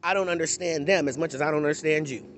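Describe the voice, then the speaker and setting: A man's voice: fairly high pitch, fast, a little hiss or hum. A man giving an unscripted, blunt and impassioned monologue to camera in a candid, conversational tone. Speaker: vlogger.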